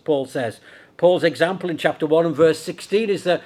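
A middle-aged preacher from Liverpool with a clear Scouse accent and a fairly high voice. He preaches in a conversational way and often throws rhetorical questions at the congregation. He also restarts his sentences often. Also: normal speed, darkish tone. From Liverpool, England. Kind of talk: sermon.

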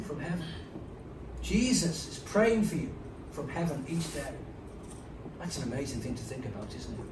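A man's voice: on the high side, distant mic, background noise. A man preaching a sermon, conversational and emphatic, with frequent asides. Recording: roomy, from off-mic, faint ambience.

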